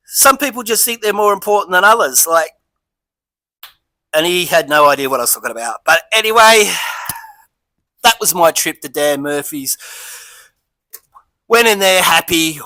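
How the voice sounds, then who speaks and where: A man's voice: sits high, bright, forceful tone, dry recording, low-quality recording. An Australian man casually reviewing a beer and rambling through a story, chatty and easygoing.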